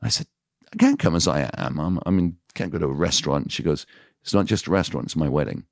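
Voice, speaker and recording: Seasoned radio DJ as podcast guest, frank and animated, voices the people in his stories; rumbling low pitch, dead-dry room. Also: fast talker, no echo. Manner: animated, acts out quoted dialogue; frank, confessional. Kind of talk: casual storytelling in interview.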